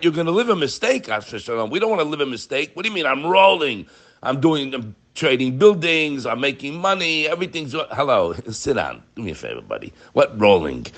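Male Torah teacher, lively, wide-ranging delivery, fervent with rhetorical questions. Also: medium pitch. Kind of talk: animated Torah class.

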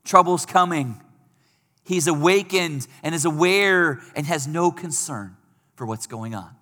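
Bright-voiced preacher in a reverberant hall. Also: male voice, a little high, unhurried. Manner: conversational preaching, rising for quoted pleas. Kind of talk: sermon.

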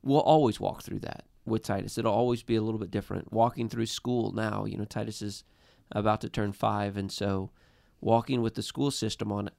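Earnest male storyteller, thirties, low smooth voice with gravel, dry close sound. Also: fairly even intonation, darkish tone, dry recording. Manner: earnest, halting with restarts. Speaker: guest. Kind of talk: personal storytelling in a podcast chat.

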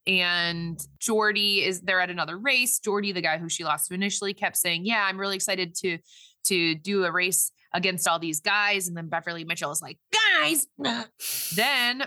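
Bright, rambling young-sounding woman recapping a movie. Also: lowish voice, normal speed, no echo. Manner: rambling, filler-heavy retelling with quoted voices. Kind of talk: casual movie recap chat.

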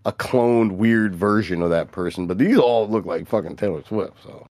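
A man's voice: fairly low pitch, moderate pace, a little mellow, no room sound, studio quality. A man co-hosting a podcast in casual chat, laid-back and joking, swearing freely. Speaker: podcast co-host.

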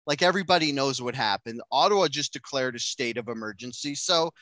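Young man, podcast co-host, loose animated chatter, crisp dry close-mic read. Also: mid-range voice, a little fast, no room sound. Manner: animated, profane, acts out quotes. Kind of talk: casual chat.

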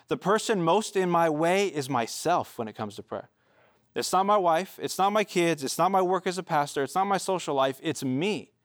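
A man delivers a sermon as a pastor, talking to his listeners in an earnest, conversational way. His voice sits a bit higher than most men's. The recording is close and dry, with no room echo.

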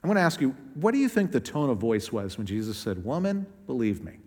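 A male pastor gives a sermon in a church sanctuary, and his voice rings with long reverb from the hall. He talks conversationally and acts out quotes, pitching them up or down and speeding up or slowing down as he goes. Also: sing-song, a little mellow.

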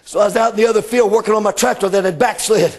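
A middle-aged man, preaching a sermon with fervor, often rising into shouted exclamations. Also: high voice, rapid-fire, faint music behind.

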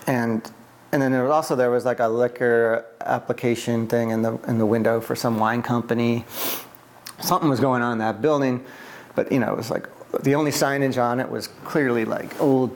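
Brief: man from the US East Coast, mid-pitched, rambling storyteller in an oral history interview. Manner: rambling, conversational, many fillers and restarts.

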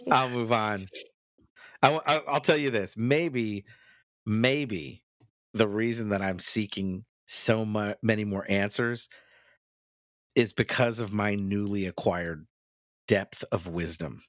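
A man's voice: on the low side, takes it slowly, pauses often, dry recording, studio quality. A man co-hosting a podcast, telling self-mocking stories in casual banter. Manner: self-mocking, animated storyteller. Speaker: podcast co-host.

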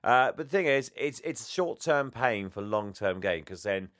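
A man's voice: medium pitch, expressive, normal speed, fairly bright tone, no echo, clean studio sound. A tired man co-hosting a casual podcast chat, chatty and self-deprecating with frequent laughs. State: tired, yawning. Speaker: podcast co-host.

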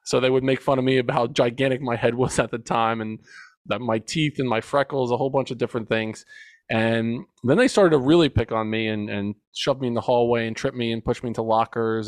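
A man's voice: medium pitch, steady tone, brisk, no echo. A man in his forties, a men's coach and podcast guest, telling a personal story in an earnest, reflective way. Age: 40s. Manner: earnest and reflective, with emphatic retelling.

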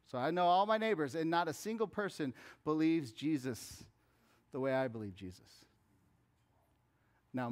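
A pastor preaching a conversational sermon that rises to fervent appeals. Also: male voice, medium pitch.

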